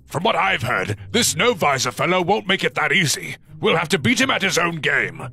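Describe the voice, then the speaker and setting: Crusty old cartoon crewmate muttering to himself, raspy and all over the place, music under it. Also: male voice, fairly high pitch, big pitch swings, normal speed, pushed and bright, full character voice. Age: older. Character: grumpy old male crewmate, jumpy. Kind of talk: cartoon voice acting.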